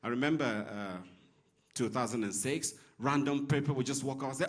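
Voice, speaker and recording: A man's voice: mid-range voice, a little fast. A man from Nigeria performing a stand-up comedy set on stage in a comedy club, teasing the crowd.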